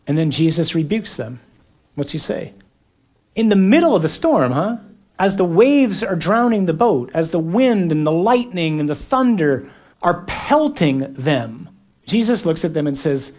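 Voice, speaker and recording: A man preaching a sermon, shifting between quiet reflection and acted-out shouted dialogue, with dramatic pauses. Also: fairly high pitch, expressive.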